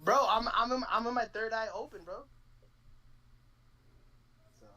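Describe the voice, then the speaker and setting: A young man co-hosting a live-streamed chat, excitable and profane, stumbling over his words as he rushes ahead. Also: extremely high pitch, low-quality recording. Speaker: podcast co-host.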